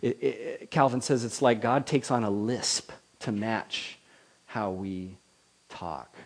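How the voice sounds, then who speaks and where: A man preaching a sermon in a lively manner, swinging between loud declarations and soft, quiet asides, then leading a prayer. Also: on the low side, slow pace, husky. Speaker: pastor.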